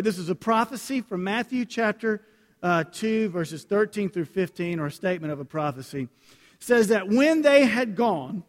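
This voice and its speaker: A man preaching a sermon and reading scripture aloud, talking earnestly and directly to his congregation. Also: high voice. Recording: long hall reverb.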